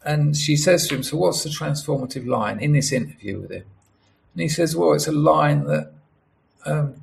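Gravelly man telling a rambling story. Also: mid-range voice. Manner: rambling, many restarts, acts out quoted dialogue. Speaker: writer and storyteller. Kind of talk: casual monologue.

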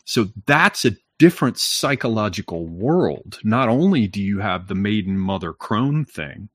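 Blunt, lecturing low-voiced man. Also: big pitch swings, measured pace, a bit bright, husky, no echo, studio quality. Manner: blunt, profane, lecturing with frequent "right?". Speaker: podcast talker. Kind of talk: casual chat.

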